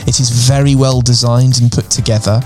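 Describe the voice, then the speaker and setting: A man's voice: medium pitch, steady tone, a little fast, music in the background. A man co-hosting a podcast, telling a story in casual chat and swearing freely. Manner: sweary, retells the story acting out voices. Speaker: podcast co-host.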